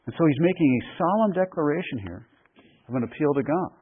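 A man preaching a verse-by-verse sermon in an emphatic, deliberate way, repeating key phrases for weight. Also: a little high, expressive, husky. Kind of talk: expository sermon. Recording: phone-like radio broadcast.

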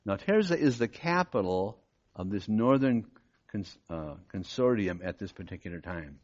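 A man's voice: on the low side, animated, normal speed. A male pastor teaching through a Bible passage, reading verses aloud and then explaining them, often checking in with his listeners. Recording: dull, muffled recording.

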